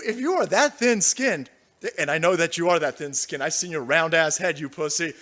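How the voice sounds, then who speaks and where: A man's voice: high voice, a bit bright. A man hosting a political commentary livestream, swearing, mocking and laughing as he reads chat. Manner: profane, mocking, laughs often. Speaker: livestream host.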